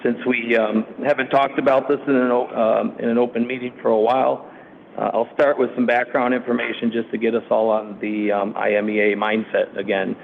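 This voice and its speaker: A man on city staff briefs a council committee in a formal presentation, steady but dotted with ums and uhs. His voice has a gravelly edge. The sound is tinny and lo-fi, like a meeting recording piped through a phone line, with a faint hiss behind. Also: medium pitch, a little fast.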